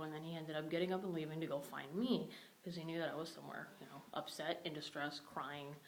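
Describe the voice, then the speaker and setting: A young woman with a low voice vents to the camera in a casual vlog, upset and swearing freely. A faint hiss sits under the recording. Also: low-quality recording. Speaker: vlogger.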